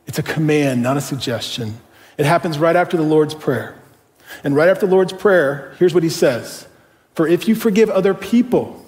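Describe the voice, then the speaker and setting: A middle-aged man, a pastor, preaching a sermon in a conversational, animated way and telling a personal story with rhetorical questions. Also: a little high. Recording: long hall reverb.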